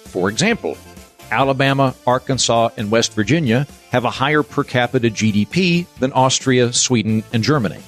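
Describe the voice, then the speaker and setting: A man's voice: mid-range voice, normal speed, soft background music. A man hosting a podcast, delivering a scripted monologue in a wry, sardonic way. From United States. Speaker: podcast host.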